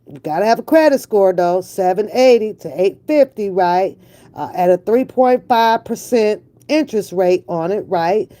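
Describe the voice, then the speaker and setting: A woman's voice: mid-range voice, lively intonation, moderate pace, warm tone. A woman hosting a casual reaction vlog, slangy and emphatic, with frequent laughter. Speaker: reaction channel host.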